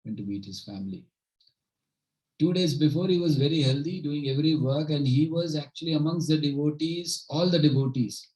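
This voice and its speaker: A man's voice: fairly high pitch, brisk, mellow, low-quality recording. A man leading a home gathering, giving an informal devotional talk with stories in an earnest manner and often checking in with his listeners.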